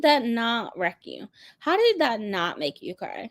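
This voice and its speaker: A woman's voice: on the high side, wildly swooping pitch, measured pace, dry recording, studio quality. A woman hosting a book channel, chatting casually and animatedly with frequent laughter. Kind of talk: casual livestream chat.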